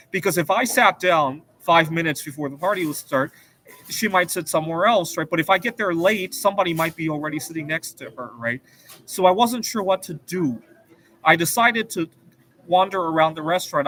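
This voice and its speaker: A man's voice: a little high, fairly bright tone, slight background noise, rough recording. A man hosting his own show, telling a personal story in a rambling, earnest casual monologue. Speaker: show host.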